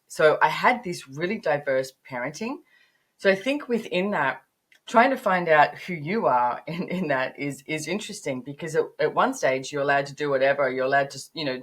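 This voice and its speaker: A woman in her fifties speaks in a low register, telling stories in a lively, animated way. Her voice climbs sharply on emphatic words, then settles back into relaxed interview conversation. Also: normal speed. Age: 50s. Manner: animated storytelling, rising to emphatic peaks. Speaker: podcast guest, business author.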